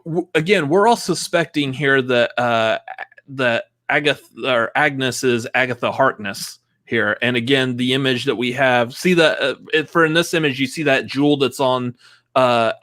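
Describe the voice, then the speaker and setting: A man's voice: medium pitch, moderate pace, fairly bright tone, dry recording. Casting: male co-host, rambling theorist, dry close sound. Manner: rambling theorizing with restarts and laughs. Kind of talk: casual review chat.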